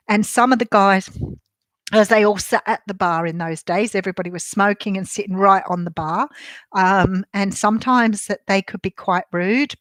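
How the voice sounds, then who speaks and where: Aussie lady chatting to her stream, candid, laughy, lots of ums, mid pitch, dead dry mic. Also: a bit bright, no room sound. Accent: Australian. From Australia. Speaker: tarot channel host. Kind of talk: casual livestream chat answering viewers.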